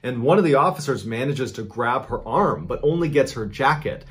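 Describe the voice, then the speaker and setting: A man in his thirties tells a dark true story straight to the listener. His delivery is dramatic, building tension and hitting the key moments with sudden bursts of emphasis. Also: mid-range voice, lively intonation, moderate pace. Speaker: storyteller host.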